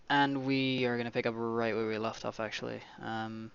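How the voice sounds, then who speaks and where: A man of middle pitch hosts a casual gameplay video. He reads the game's story passages aloud and keeps interrupting himself with joking, excitable asides. His voice comes through a slightly dull, lo-fi microphone. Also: moderate pace, creaky, smooth, dry recording. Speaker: let's play host. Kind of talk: casual gameplay commentary, reading game text aloud.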